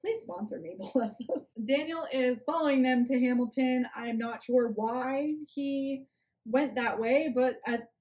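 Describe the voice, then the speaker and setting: A woman's voice: high voice, measured pace, a little mellow. Snarky woman ranting about a book. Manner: sarcastic, snarky asides. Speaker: book reviewer. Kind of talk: casual rant review.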